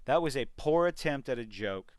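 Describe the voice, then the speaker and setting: A man's voice: medium pitch, lively intonation, moderate pace, no echo. A man giving an exasperated, sarcastic rant in a video review of a TV series. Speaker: TV review vlogger.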